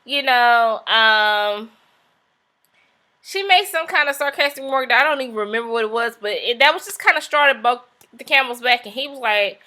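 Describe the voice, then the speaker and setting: Bright, chatty woman recapping TV. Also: a little high, normal speed. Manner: chatty, sassy asides, acts out quotes. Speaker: reality TV recap host. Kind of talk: casual recap commentary.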